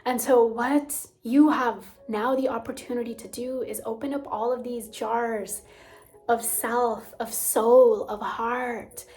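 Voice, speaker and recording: A young woman hosting a gentle teaching talk on emotional healing, soft-spoken and slipping into near whispers. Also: fairly high pitch, steady tone, slow pace, faint music behind. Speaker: spiritual coach and channel host.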